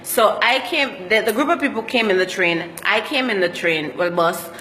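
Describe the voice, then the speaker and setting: A woman's voice: mid-range voice, moderate pace, pushed and bright, long reverb tail. A Jamaican woman telling travel stories in a casual vlog, slipping into patois as she talks. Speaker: travel vlogger.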